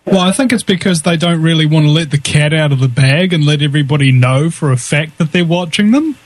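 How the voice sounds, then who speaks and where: A man's voice: on the high side, a little fast, no room sound, poor audio. A man hosting a talk radio show in a loose, chatty way, often restarting his words.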